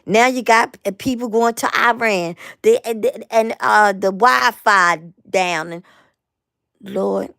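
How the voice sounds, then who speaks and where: Host, woman; fired-up repetitive live rant, gravelly hoarse tired voice, dry close sound. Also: medium pitch, slow pace, fairly bright tone, dry recording. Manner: emphatic, repetitive, stumbling restarts. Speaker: host of a live online show. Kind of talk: impassioned live rant to viewers.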